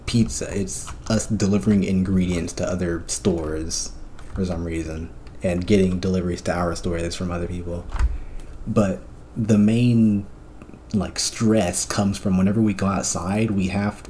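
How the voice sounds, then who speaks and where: A man's voice: low-pitched, fairly even intonation, moderate pace, warm tone, slight background noise. A man streamer in casual chat, recounting a dream in a profane, rambling way with lots of fillers.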